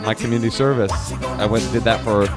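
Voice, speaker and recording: A man's voice: on the low side, fairly even intonation, fast, over music. A man co-hosting a podcast, telling a rambling comic story in casual chat and laughing through it. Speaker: podcast co-host.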